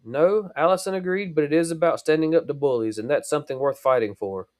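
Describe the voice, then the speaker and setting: A man reading aloud and voicing a nervous but brave young woman who speaks quietly and earnestly. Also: on the high side, fast talker, no room sound, studio quality, close to an everyday voice.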